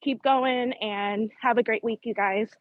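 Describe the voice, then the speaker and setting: A woman's voice: on the high side, fairly even intonation, unhurried, no echo. An out-of-breath woman jogging outside by a lake while joining a video call, apologizing and laughing between breaths. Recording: dry, muffled phone call audio.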